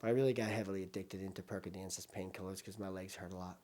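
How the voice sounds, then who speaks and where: Older new guy telling his story, low mellow voice, gets loud then drops quiet. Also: steady tone, fast talker. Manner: emotional storytelling, swings between loud and hushed. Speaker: interviewee. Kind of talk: documentary interview, recounting his past.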